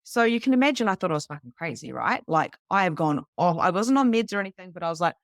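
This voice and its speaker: A New woman in her thirties telling a personal story to a live group, animated and casual, swearing freely. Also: fairly low pitch, fast talker, dry recording, clean studio sound. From New Zealand. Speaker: psychic medium teaching beginners.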